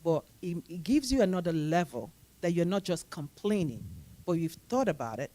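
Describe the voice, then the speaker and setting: A woman team leader on a panel, giving practical career advice in a steady, matter-of-fact, instructive way. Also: on the low side, moderate pace.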